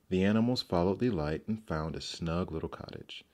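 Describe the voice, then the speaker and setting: Male narrator, deep voice, gentle expressive storybook reading. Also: fairly quick.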